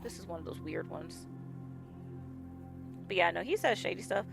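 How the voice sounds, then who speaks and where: The woman on this stream has a gravelly, lower voice that's animated and moves at a moderate pace. She chats casually as she plays, laughing often and performing other people's lines in her stories. Faint game music runs in the background.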